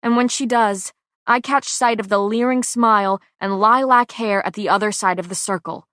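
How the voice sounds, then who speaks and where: Slow, dramatic woman audiobook narrator. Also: mid-range voice, fairly bright tone, no echo, studio quality. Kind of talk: scripted first-person fantasy narration.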